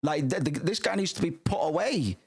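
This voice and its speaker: A man's voice: a little high, animated, brisk, husky, pitched above the performer's own voice. A man voicing a furious, disgusted male game reviewer who swears as he rants. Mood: outraged. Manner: ranting, swearing.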